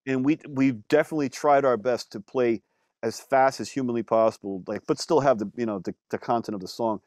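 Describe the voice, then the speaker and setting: A man, a musician guest, telling stories in a casual interview, animated, with lots of fillers and some swearing. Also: mid-range voice, brisk, no room sound, clean studio sound.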